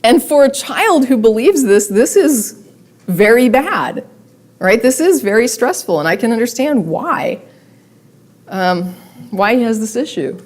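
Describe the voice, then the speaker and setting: Animated woman giving a wry public talk. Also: on the high side, unhurried. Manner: conversational, wry asides, animated emphasis. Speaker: guest speaker. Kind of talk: public talk with read-aloud letters.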